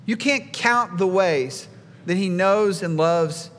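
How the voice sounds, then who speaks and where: Male pastor preaching, high voice, big emphatic swings, long reverb from the hall. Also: slow pace. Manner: emphatic, swinging between soft lows and loud exclaims. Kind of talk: sermon.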